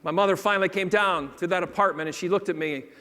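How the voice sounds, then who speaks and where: A man giving a motivational speech, telling his story with lively acted-out dialogue. His voice sits a little high for a man and rings with the long reverb of a large hall. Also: quick pace. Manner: animated storyteller acting out quoted voices. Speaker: motivational speaker.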